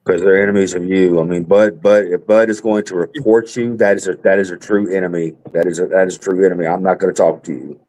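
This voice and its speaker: A man's voice: sits low, fairly even intonation, quick pace, few pauses, warm tone. A man from Britain, a guest on a livestream, chatting casually in a laid-back way and laughing often.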